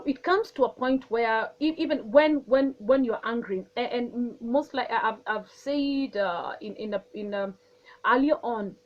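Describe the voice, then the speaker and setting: A woman giving a calm, earnest wellness talk on handling emotions. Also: a little high, muffled recording. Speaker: wellness speaker. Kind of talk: teaching talk on managing emotions.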